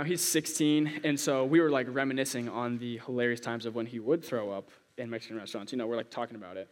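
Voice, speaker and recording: A man's voice: a little high, fairly bright tone. A young man giving a casual sermon, a chatty, self-deprecating storyteller who jokes before his Bible teaching. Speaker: youth preacher. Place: church hall. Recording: long hall reverb.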